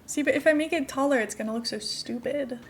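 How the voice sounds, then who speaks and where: Chatty woman streamer, slightly high voice. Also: quick pace, slight background noise. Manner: chatty, giggly, talks to herself while building. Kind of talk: casual game-stream chat.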